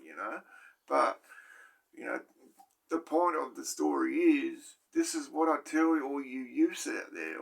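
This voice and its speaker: A man's voice: mid-range voice, vocal fry, a bit bright, breathy edge. An Australian man, a former prisoner, tells a story in a rambling, profane way and keeps tagging his lines with "right?". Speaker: former prisoner telling stories. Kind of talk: casual storytelling to camera.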